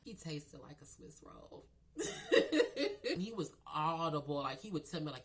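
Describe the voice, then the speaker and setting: A man's voice: a little high, normal speed. A man spilling a story to his viewers in a casual vlog, sassy and gossipy. He keeps calling the audience girl and y'all. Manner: animated with laughs and sudden loud outbursts. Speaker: storyteller vlogger.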